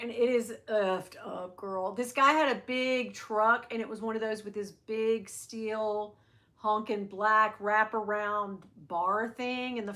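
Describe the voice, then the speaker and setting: Chatty middle-aged woman vlogger, bright voice. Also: a little high. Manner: animated, chatty, acts out quotes. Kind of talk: casual storytime, live chat.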